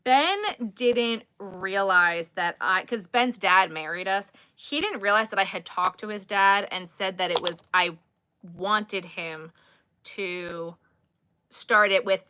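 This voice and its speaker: A young woman from New York, chatting casually with her live viewers, sassy and quick to laugh, talking to her dog in between. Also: mid-range voice, pushed and bright, smooth. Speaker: livestream host.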